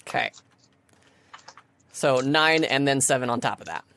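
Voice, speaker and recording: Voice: medium pitch, measured pace, creaky, a little hiss or hum. A person running a tabletop game as dungeon master, narrating the action with lots of fillers. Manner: lively scene narration with many fillers.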